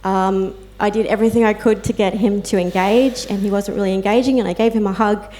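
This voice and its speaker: Mujer australiana contando historias con sentimiento. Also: female voice, medium pitch, fairly even intonation, fairly quick, warm tone. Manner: heartfelt storytelling with fillers and quoted asides. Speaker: peer support volunteer and carer speaking on a panel. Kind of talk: personal talk to an audience.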